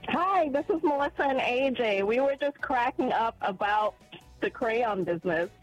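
A woman's voice: fairly high pitch, expressive, normal speed, soft background music, rough recording. A woman calling in to a radio show, giggly and chatty. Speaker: radio caller.

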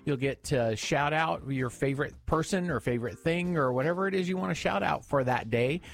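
A man hosting a Christian radio morning show, chatting upbeat and pitching listeners to give during a fundraiser. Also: vocal fry. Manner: upbeat, pitching donations with quick bursts.

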